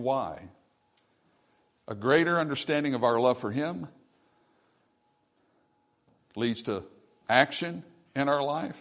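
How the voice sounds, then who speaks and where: A man preaching a sermon, reading scripture and asking the congregation "Amen?" as he goes. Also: mid-range voice. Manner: emphatic preaching with call-and-response "Amen?"; swings between loud emphatic quotes and quieter asides. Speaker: pastor.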